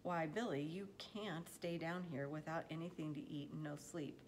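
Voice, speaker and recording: A woman reading aloud as a patient farmer father speaking to his son in a slow, calm, reassuring way. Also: sits low, slight background noise. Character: kindly, patient farmer father, middle-aged man.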